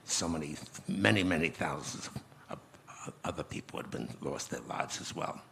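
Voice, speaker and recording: A man in his eighties telling a personal story slowly and reflectively as a guest in a conference interview, often restarting his phrases. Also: very deep voice, lively intonation, gravelly, fairly bright tone, a little hiss or hum. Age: 80s. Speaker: guest speaker.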